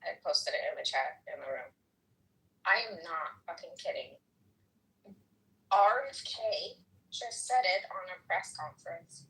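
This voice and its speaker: A woman's voice: fairly low pitch, expressive, measured pace, gravelly, long pauses, fairly bright tone, far from the mic, rough recording. A woman in a casual political chat, talking in an outraged, exclaiming way.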